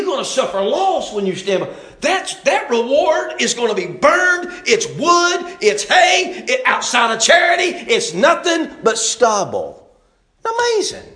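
A man preaching a sermon in a folksy, animated way that swings from loud bursts to low asides. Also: roomy sound.

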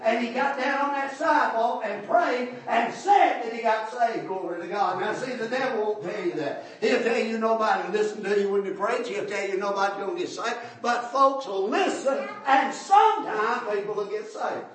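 High-voiced older preacher. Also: male voice, normal speed, hardly any pauses. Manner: folksy storytelling, rising to shouts. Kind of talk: folksy testimony sermon. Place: church. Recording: echoey hall, far from mic.

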